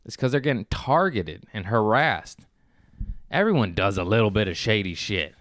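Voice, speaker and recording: A man's voice: on the low side, big pitch swings, moderate pace, a bit bright, no echo, clean studio sound. A man in his thirties telling a rambling, profane story in a casual chat, laughing often and restarting his sentences. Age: 30s. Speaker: podcast host. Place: Los Angeles.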